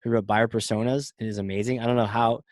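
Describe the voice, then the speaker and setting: A man's voice: lowish voice, fairly even intonation, fast, no room sound. A man with a Boston accent hosting a podcast, asking questions in an upbeat, playful way. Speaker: podcast host. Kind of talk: casual podcast conversation.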